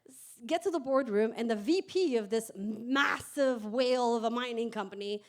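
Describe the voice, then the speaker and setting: A woman founder telling her own story on stage in a candid, animated way, swearing and laughing as she goes. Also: fairly high pitch, normal speed. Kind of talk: live stage storytelling talk. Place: event stage before an audience.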